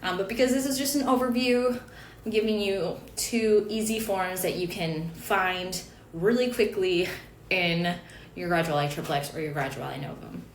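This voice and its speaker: A woman's voice: lowish voice, normal speed, echoey room, a little hiss or hum. A woman giving an online lesson on chant notation, explaining patiently with fillers and small asides. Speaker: chant teacher.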